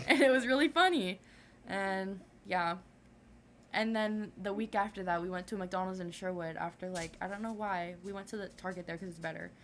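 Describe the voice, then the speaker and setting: A woman's voice: mid-range voice, moderate pace. A teenage girl, a guest, telling a story in casual, slangy chat and acting out the other people's voices. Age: teens.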